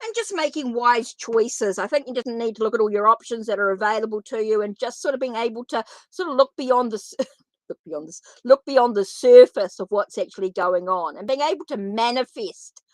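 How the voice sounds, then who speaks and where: A woman's voice: a little high, fairly quick, few pauses, no room sound. Chatty woman reading tarot live. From New Zealand. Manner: chatty and informal, talks straight to viewers. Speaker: tarot reader.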